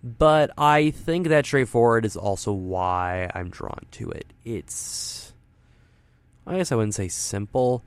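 With a clean, mid-range voice and a slow pace, a man hosts a studio radio show, using a studio mic and wearing headphones, with no room sound. His casual talk is rambling and self-deprecating, packed with fillers.

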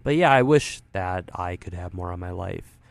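A man voicing a weary, solemn male rat who pities himself, in a low, rueful tone. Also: animated, moderate pace, vocal fry, no echo. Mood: glum.

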